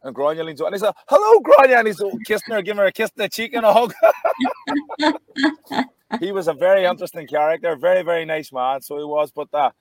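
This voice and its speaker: A man's voice: a little high, rapid-fire, hardly any pauses, no echo. Chatty man telling stories. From Ireland. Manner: animated anecdotes with frequent restarts. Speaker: former boxer and actor. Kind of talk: casual storytelling.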